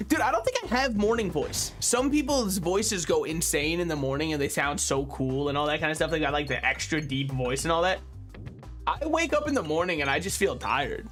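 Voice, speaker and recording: Joking young male streamer over game music. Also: fairly high pitch. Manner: joking, rambling, animated, swears freely. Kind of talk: casual gaming stream chatter.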